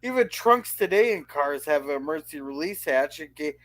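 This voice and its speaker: A man's voice: fairly high pitch, animated, fairly quick, a bit bright. A man on a review panel raising skeptical questions in casual conversation. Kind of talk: casual chat.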